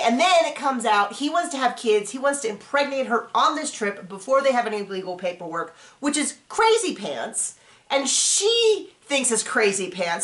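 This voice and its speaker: A woman's voice: fairly high pitch, a bit bright, roomy sound. A woman hosting a casual reality TV recap, chatting and rambling as she acts out what people said.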